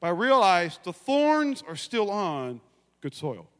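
A male pastor with a high voice preaches energetically and tells a personal story that leads into a lesson. He acts out the lines of the people in his story and calls out to the congregation. His voice carries with the long reverb of a large hall. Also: slow pace. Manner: animated, acts out quotes, addresses the church.

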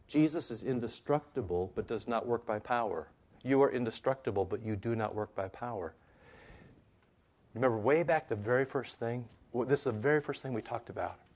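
A man's voice: mid-range voice, darkish tone. A man teaching a sermon-style class, talking conversationally and building to emphatic rhetorical questions.

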